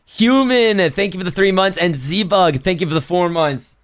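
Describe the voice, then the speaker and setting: High-voiced rambling male streamer. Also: normal speed, a bit bright, clean tone. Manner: rambling, slangy, self-correcting. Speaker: livestreamer. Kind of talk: casual chat to a stream chat.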